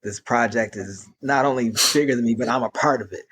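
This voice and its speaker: A male program leader speaking earnestly in conversation, pausing to search for his words as he reflects. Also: medium pitch, a bit bright, a little hiss or hum. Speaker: youth program leader, guest.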